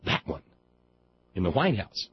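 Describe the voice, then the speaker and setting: A man's voice: deep voice, sing-song, a little slow, lo-fi sound, slight background noise. A man from Alabama hosting a talk radio show, reading a news story aloud and breaking off into mocking, sarcastic asides. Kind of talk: sardonic commentary on a news story.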